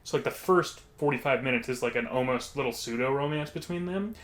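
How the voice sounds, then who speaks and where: A man's voice: mid-range voice, fairly quick. A man co-hosting a podcast, telling casual stories in a rambling way full of fillers. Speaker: podcast co-host. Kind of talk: casual storytelling.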